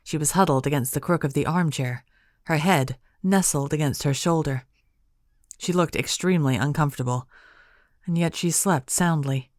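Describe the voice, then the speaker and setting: Low-voiced woman narrating an audiobook. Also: no echo, clean studio sound. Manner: measured, expressive storytelling.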